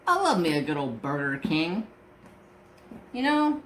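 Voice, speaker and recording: A craft channel host chatting casually, telling a profane story and acting out everyone's lines. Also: male voice, on the high side, moderate pace, slight background noise. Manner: profane, animated storytelling that acts out voices. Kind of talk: casual chat.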